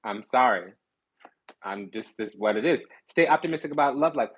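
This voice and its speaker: A man's voice: medium pitch, lively intonation, brisk, rough recording. A man giving a casual tarot reading, talking bluntly in slang and with swearing, and often stopping to restart his sentences. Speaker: tarot reader.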